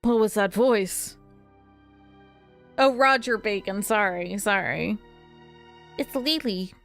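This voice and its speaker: A woman's voice: medium pitch, slow, vocal fry, a bit bright, soft background music. A woman streamer giving casual let's-play commentary, joking and swearing freely.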